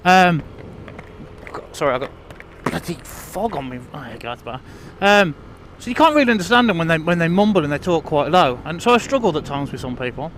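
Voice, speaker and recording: A man's voice: on the high side, very animated, fairly quick, fairly bright tone, slight background noise. A man vlogging while out riding a bike on country lanes, chatting in a rambling, self-deprecating way with lots of restarts and fillers. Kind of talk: casual rambling monologue.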